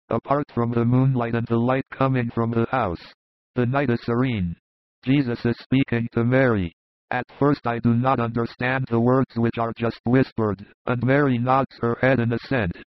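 A man narrating a devotional vision as an audiobook, in an even, solemn, unhurried manner. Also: mid-range voice, dry recording. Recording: dull dry close recording.

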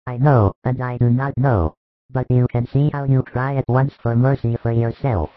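A calm, patient spiritual master, played by a man gives measured instruction in a religious audio drama. His voice sits at an ordinary male pitch. The sound is thin, phone-like and dry. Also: dry recording, lightly acted. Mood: calm teaching. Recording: tinny phone-like dry recording.

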